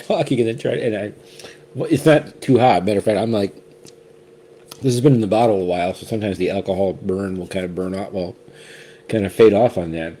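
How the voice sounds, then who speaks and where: A man with a low, mellow voice talks casually through a whiskey tasting. He rambles, restarts his sentences and gets enthusiastic. A faint hiss of noise sits behind him. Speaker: whiskey reviewer, co-host.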